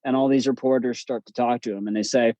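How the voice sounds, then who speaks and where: A man, a guest on an interview podcast, telling stories in a relaxed, chatty way with plenty of fillers and restarts. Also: mid-range voice, quick pace, dry recording, highs cut off. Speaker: podcast guest, breathwork instructor. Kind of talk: casual storytelling interview.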